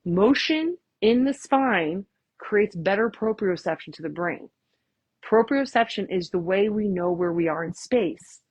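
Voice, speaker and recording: Chatty, husky woman chiropractor. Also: mid-range voice, lively intonation, measured pace, darkish tone, no room sound. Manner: chatty, tags lines with "right?", acts out quotes. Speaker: chiropractor giving a workshop talk. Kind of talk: casual, enthusiastic presentation.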